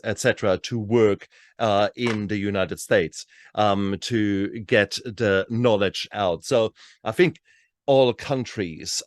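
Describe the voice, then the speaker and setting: Low-ish male host, measured and thoughtful, dry close sound on a video call. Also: no echo. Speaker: talk show host. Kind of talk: conversational interview.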